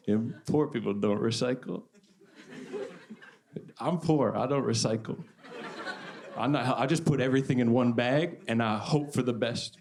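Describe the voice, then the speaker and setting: A man doing a stand-up set on a club stage, deadpan and self-deprecating, repeating lines for effect. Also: mid-range voice, moderate pace, long pauses, slight background noise. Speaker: stand-up comedian. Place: comedy club stage before a live audience. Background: audience laughter.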